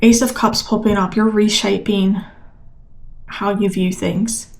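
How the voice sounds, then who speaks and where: A woman's voice: medium pitch, fairly even intonation, slow pace, gravelly. Emphatic woman giving a tarot reading. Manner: emphatic, repetitive, encouraging. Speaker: tarot reader. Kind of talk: collective tarot reading to camera.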